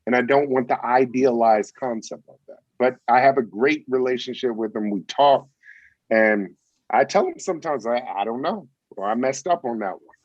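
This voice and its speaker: A man's voice: mid-range voice, no echo, highs cut off. A man as a guest on a casual video-call chat, speaking earnestly with wry asides.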